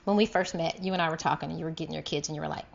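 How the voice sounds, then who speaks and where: A woman's voice: low-pitched, racing, creaky, lo-fi sound, very noisy. A woman co-hosting a parenting podcast in casual chat, telling stories with acted-out quotes and frequent laughter. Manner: animated storytelling, acts out quotes, laughs often. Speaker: podcast co-host.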